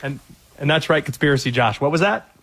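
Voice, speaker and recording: A man with a Cajun accent, a sports talk radio guest with a wild, jumpy delivery that drops low and bursts into shouts. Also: animated, fast talker, husky. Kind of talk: comedic sports talk banter.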